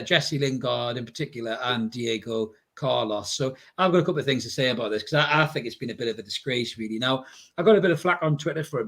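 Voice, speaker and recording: A man with a Geordie accent co-hosts a football podcast, talking at a brisk, rapid clip. His manner is chatty and matey, full of asides to his co-hosts. It is easygoing casual chat between friends. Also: medium pitch, fairly bright tone. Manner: chatty, says mate a lot. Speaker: podcast co-host.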